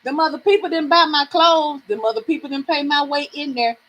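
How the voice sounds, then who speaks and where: A middle-aged woman from the American South talks frankly with viewers on her live reading stream. Her voice sits high and bright, she swears easily and laughs a lot. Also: a little fast, rough recording. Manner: frank, animated, swearing freely, laughing often.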